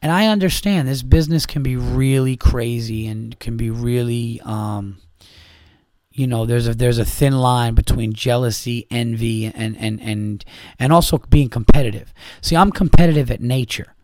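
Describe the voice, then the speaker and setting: A man's voice: mid-range voice, normal speed, a little mellow, dry recording, studio quality. A man hosting a podcast on his own, talking in a rambling, exasperated and profane way, full of restarts and asides. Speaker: podcast host. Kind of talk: casual solo podcast monologue.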